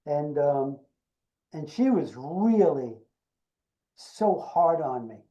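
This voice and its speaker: An older man, an actor being interviewed, tells an anecdote with animated delivery and acts out the dialogue. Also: fairly high pitch, slow pace, poor audio. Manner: animated storyteller acting out quoted dialogue. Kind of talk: storytelling anecdote.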